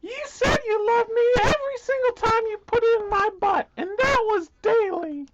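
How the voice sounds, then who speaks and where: A man voicing a crude, pregnant young woman zookeeper in a squeaky, whiny voice. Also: moderate pace, lo-fi sound. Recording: loud background noise.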